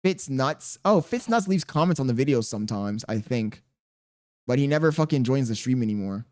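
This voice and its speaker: A man's voice: medium pitch, normal speed. A man live streaming, reading his chat aloud and bantering back in profane, slangy talk. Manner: slangy and animated.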